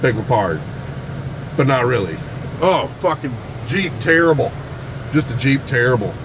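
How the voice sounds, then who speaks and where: A man rambling through a casual vlog, swearing constantly and breaking into loud outbursts. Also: medium pitch, animated, moderate pace, vocal fry, noisy background. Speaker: vlogger at a vape shop. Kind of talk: casual profane vlog chat.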